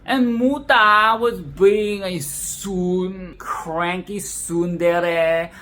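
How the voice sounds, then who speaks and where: Woman, casual film rant, sarcastic, swearing, lowish voice, unhurried. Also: steady tone, a bit bright, a little hiss or hum. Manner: profane, exasperated, sarcastic. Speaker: film commentary video host.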